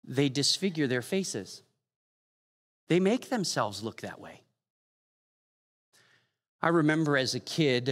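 A man preaching a sermon, telling stories with humor and quick asides. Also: medium pitch, fairly bright tone. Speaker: pastor. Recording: long hall reverb.

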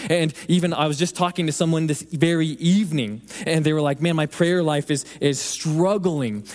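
A man preaching a sermon in an earnest voice, slowing and softening for emphasis. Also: a little high. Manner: earnest, building then dropping to slow soft emphasis. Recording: long reverb of a hall.

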